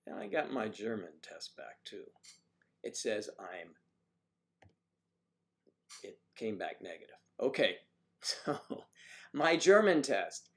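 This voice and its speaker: Playful, lively man hosting a livestream. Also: fairly low pitch, takes it slowly, long pauses. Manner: chatty and playful, bantering with viewers. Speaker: livestream host. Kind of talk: casual chat, reading viewer comments.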